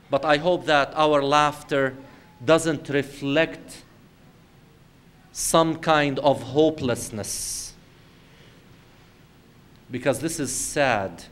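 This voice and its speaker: A man giving an Islamic lecture to his audience. He tells everyday stories and asks rhetorical questions, swinging from loud emphasis to quiet earnestness. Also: on the high side.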